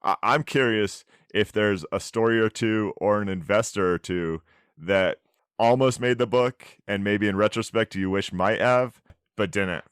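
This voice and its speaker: Smooth-voiced man asking questions. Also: on the low side, measured pace, fairly bright tone, dry recording, clean studio sound. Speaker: podcast host. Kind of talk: conversational interview.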